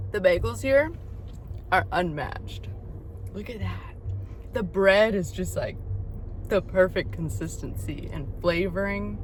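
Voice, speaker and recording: A chatty, upbeat young woman talks into a phone camera on a road trip, loose and conversational, with a habit of saying y'all. Her voice sits at a middling pitch for a woman. A constant hiss of car and outdoor noise runs under the recording. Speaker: van-life vlogger. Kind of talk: casual travel vlog. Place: in and around a minivan on a road trip.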